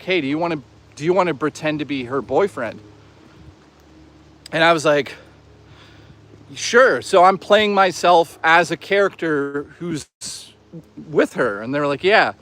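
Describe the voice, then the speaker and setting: A man's voice: fairly high pitch, fairly bright tone, slight background noise. A man live-streaming outdoors, chatting casually, swearing freely and reading out chat. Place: outdoors on an urban trail.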